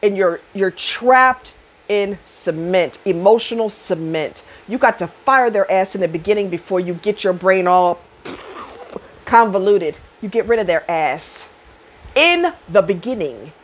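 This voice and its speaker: A middle-aged woman giving dating advice in a blunt, profane monologue to camera, rising loud and high when she rants. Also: lively intonation, measured pace.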